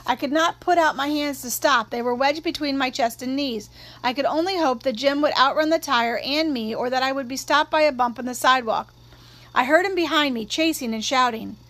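A woman narrating a first-person novel aloud in a measured, expressive storytelling manner. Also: high voice. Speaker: audiobook narrator.

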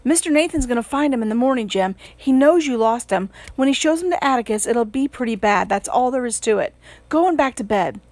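A woman's voice: on the high side, expressive, a little fast, darkish tone, dry recording, natural voice. A woman reading aloud, voicing an anxious young tomboyish girl who begs and pleads urgently. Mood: reasoning.

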